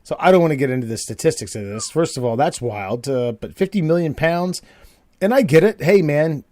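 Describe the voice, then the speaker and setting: A man's voice: on the high side, expressive, fairly quick, warm tone, no echo, clean studio sound. Rambling man chatting on a podcast. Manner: rambling, profane storytelling with frequent fillers. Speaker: podcast co-host. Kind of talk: casual chat.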